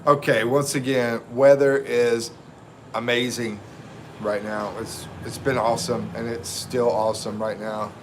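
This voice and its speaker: A man's voice: medium pitch, level tone, a little slow, a little hiss or hum. A middle-aged man from North Carolina, hosting a casual live stream and greeting viewers by name in a laid-back, chatty way.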